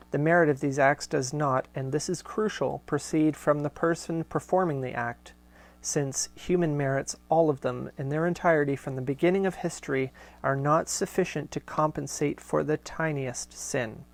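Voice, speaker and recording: Gravelly man reading old letters aloud. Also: on the high side. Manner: measured reading with casual off-the-cuff asides. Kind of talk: live show, reading letters aloud with asides.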